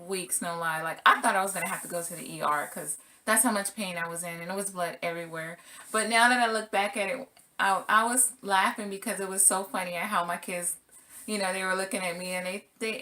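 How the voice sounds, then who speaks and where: A woman's voice: medium pitch, pushed and bright. A middle-aged woman vlogging as a single mother, telling a personal story casually and acting out her own exclamations.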